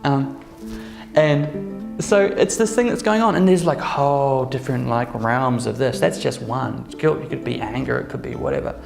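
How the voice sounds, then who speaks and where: A man's voice: medium pitch, normal speed, gravelly, echoey room, over music. A man giving a casual workshop talk to a live group, keeping it conversational and checking in with the listeners through frequent "okay?" and "right?" asides. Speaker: workshop presenter.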